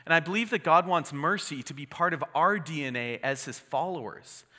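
A man's voice: fairly high pitch, fairly quick, pushed and bright, long reverb tail. A man preaching a sermon as a pastor, conversational and earnest, with restarts and asides.

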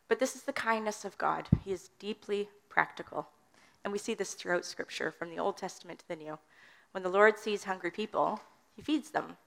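A woman's voice: medium pitch, creaky, fairly bright tone. A woman preaching a sermon in an earnest teaching manner, reading scripture aloud.

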